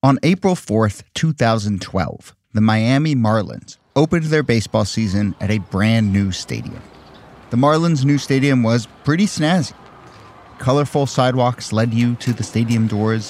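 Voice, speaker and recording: A man's voice: on the low side, lively intonation, moderate pace, a little mellow. A man hosting a podcast, narrating in a wry, conversational and skeptical way. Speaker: podcast host. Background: faint music.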